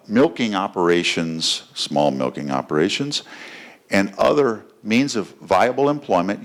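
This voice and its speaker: Candidate, man, lowish voice, loose anecdotal stump speech with plenty of "uh"s. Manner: conversational, anecdotal, with frequent fillers. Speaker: political candidate. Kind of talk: campaign speech at a fundraiser. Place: fundraiser gathering.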